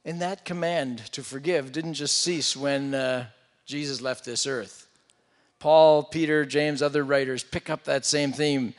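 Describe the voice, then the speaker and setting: A man preaching a sermon, retelling a scripture story with loud emphasis and hushed asides. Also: mid-range voice, fairly even intonation, a little slow, long reverb tail. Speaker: pastor.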